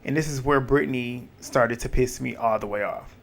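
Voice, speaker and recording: A man giving casual reality TV recap commentary in an animated, blunt way, swearing and laughing at what happened. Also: medium pitch, moderate pace, vocal fry.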